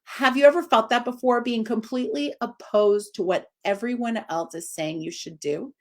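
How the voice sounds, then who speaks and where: Speaking at a normal speed, a woman in her forties who trains dogs chats informally over live video. Her delivery is lively and expressive, rising high to emphasize points.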